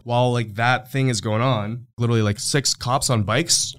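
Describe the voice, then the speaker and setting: A man's voice: medium pitch, fast talker, few pauses, no room sound. A man telling a story on a podcast in a loose, rambling way, full of fillers, now and then acting out other people's voices. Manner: rambling, filler-heavy, acts out quoted voices. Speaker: podcast guest. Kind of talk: casual storytelling.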